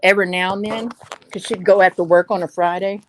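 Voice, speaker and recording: A woman's voice: mid-range voice, fairly even intonation, fast talker. A woman chatting casually and telling funny stories about her family and pets. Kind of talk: casual storytelling.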